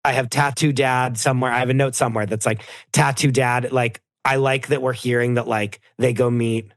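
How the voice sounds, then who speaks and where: A man's voice: mid-range voice, normal speed, no echo, clean studio sound. A man, a reality TV producer, chatting casually on a podcast and acting out other people's lines in shifting voices. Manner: animated storyteller, acts out quotes in shifting voices. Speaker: reality TV producer, guest co-host.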